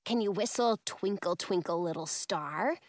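A mischievous boy who loves a good joke, talking low and knowing, as a woman reads him in a storybook. The voice sits well below the reader's own and is close and dry. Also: a little slow, no echo, lightly acted. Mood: calm.

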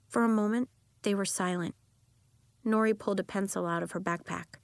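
A woman reading a children's story aloud as narrator, in an expressive, animated way. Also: mid-range voice, a little fast, vocal fry, no room sound, studio quality.

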